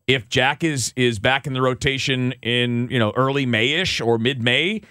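A man's voice: mid-range voice, unhurried, smooth, no echo. Male co-host, casual sports chat, gets worked up and rants, dry close sound. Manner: animated, ranting, many restarts.

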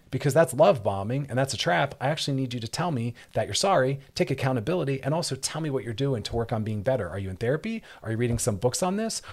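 Male radio therapist host, low voice, rapid earnest delivery, emphatic repetition. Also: slightly rough. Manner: earnest, emphatic, repeats words for stress. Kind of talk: advice talk show monologue.

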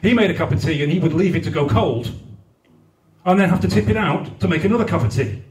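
A man's voice: high-pitched, fast, darkish tone. A man performing a crude, swearing live stand-up routine, acting out other people's raised voices at a comedy night. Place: comedy night in a venue hall. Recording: echoey hall, mic from far off.

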